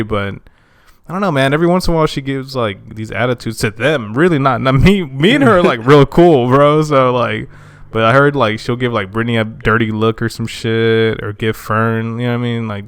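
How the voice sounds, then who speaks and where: A young man chatting as a podcast guest, telling a story in an animated way with lots of profane slang. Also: mid-range voice, brisk, clear, resonant tone, dry recording, studio quality. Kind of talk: casual chat.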